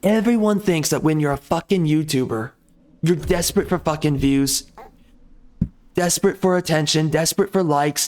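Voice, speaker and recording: Furious man ranting, fairly high voice. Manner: profane, heated, repetitive. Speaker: gaming YouTuber. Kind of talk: angry rant to camera.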